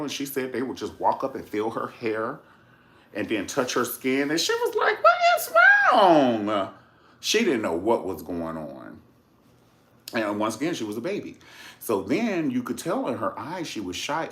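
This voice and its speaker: A man giving a sassy, campy video review in casual commentary, calling the listener honey and swearing freely. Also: medium pitch. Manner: animated storyteller, swears casually. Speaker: documentary reviewer, channel host.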